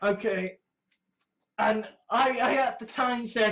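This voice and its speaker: A man's voice: high voice, slow, creaky, fairly bright tone. A man talking casually and profanely, asking exasperated rhetorical questions. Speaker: host. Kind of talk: casual ranting commentary.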